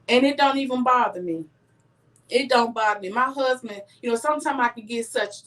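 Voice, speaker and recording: A woman's voice: fairly high pitch, fairly bright tone. A middle-aged woman, giving earnest life advice straight to her viewers in a casual live stream. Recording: voice a bit distant from the mic.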